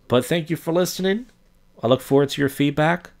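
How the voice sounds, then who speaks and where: A man's voice: fairly high pitch, fairly quick, creaky, darkish tone. A young man hosting a solo podcast, rambling through a long story and acting out the people he quotes. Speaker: podcast host.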